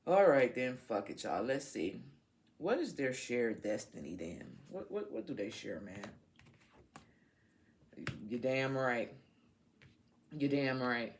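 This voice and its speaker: Woman tarot reader, casual and unfiltered, swears, unhurried delivery. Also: a bass voice, big pitch swings. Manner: frank, swears freely, laughs, talks to her viewers. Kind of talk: casual tarot reading to camera.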